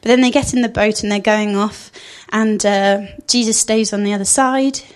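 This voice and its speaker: A woman's voice: medium pitch, steady tone, normal speed. A woman giving an informal sermon, chatty and thinking aloud with frequent fillers. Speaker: speaker giving a church talk.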